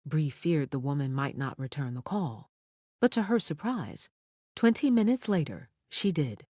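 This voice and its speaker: Audiobook narrator, thriller, lively pitch, dry close studio sound. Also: moderate pace, no echo.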